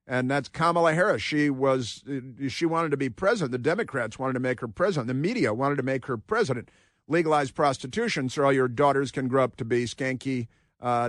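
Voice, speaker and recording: A man's voice: mid-range voice, no room sound. A male radio host speaking into a studio mic, dry and close with no room sound. He holds forth in a sarcastic, opinionated monologue and stretches out the words he wants to land hard. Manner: sarcastic, drawn-out emphatic phrasing. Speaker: radio talk show host.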